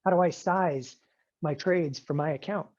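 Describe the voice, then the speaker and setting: Emphatic man pitching a trading seminar. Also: moderate pace. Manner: emphatic, animated, keeps asking "okay?". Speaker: trading instructor. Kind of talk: online seminar sales pitch. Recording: dull lo-fi webinar audio.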